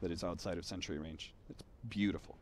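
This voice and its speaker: A man casting an esports match, with lively play-by-play and wry banter with his co-caster. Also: low-pitched, fairly quick, slight background noise. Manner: lively, bursts into hype on big plays, wry banter. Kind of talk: play-by-play commentary.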